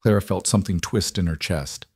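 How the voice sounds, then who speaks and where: Low-voiced male story narrator. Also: brisk, creaky, slightly rough, no room sound, clean studio sound. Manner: even, steady storytelling.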